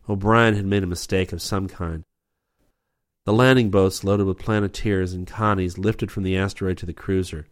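A man narrating an adventure audiobook in a steady, measured reading. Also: sits low.

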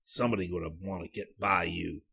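A man doing a curt, low train porter. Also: steady tone, a little fast, vocal fry, pushed and bright, slightly rough, full character voice. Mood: curt, dismissive.

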